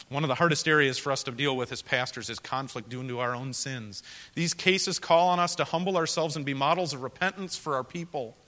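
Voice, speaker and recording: A man preaching to fellow pastors in an earnest, storytelling manner, swinging from loud emphasis to quiet confession. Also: medium pitch, in a large hall. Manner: earnest, storytelling, rises loud for emphasis then drops soft. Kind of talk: sermon to pastors.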